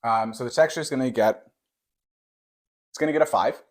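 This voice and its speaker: A young man playfully judges baked goods on camera in a mock-serious manner, using lots of fillers in this casual food review. His voice is medium-pitched and fairly quick.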